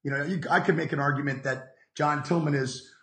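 A man's voice: a little high, steady tone, fairly quick, fairly bright tone. Opinionated man in an echoey room. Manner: emphatic opinions, repeats phrases. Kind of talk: casual sports podcast chat.

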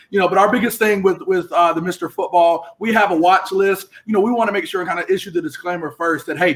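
A man hosting a sports talk show, casual and hyped, filling gaps with "you know". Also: high-pitched. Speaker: show host.

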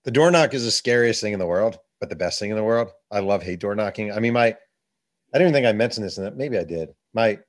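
A man, an author and journalist, telling lively anecdotes as a guest in a conversation. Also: lowish voice, brisk. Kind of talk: conversational storytelling.

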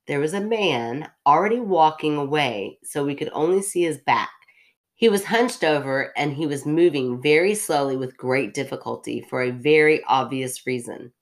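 A woman's voice: low-pitched, moderate pace. A woman hosting a podcast who reads a story aloud and breaks off into chatty, self-mocking asides. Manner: chatty, self-interrupting, laughs at herself. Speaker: podcast host reading a story.

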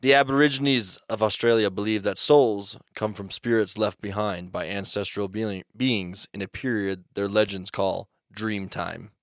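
A man co-hosting a podcast, teasing and excitable in casual chat. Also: lowish voice, moderate pace, hardly any pauses, no echo, clean studio sound. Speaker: podcast co-host.

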